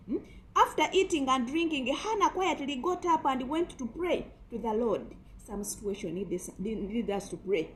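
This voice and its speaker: A woman's voice: sits high, rough recording. A woman preacher giving an emphatic sermon full of rhetorical questions.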